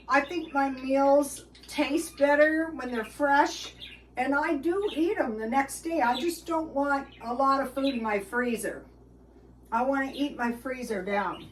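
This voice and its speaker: A high-voiced older woman rambles slowly through her kitchen routine, stopping often with ums and restarts. She sounds set back from the microphone, with a faint hiss underneath. The tone is a casual home vlog. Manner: rambling, chatty, frequent fillers and restarts. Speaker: YouTube vlogger. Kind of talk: casual cooking and budget chat. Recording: distant mic with faint background noise.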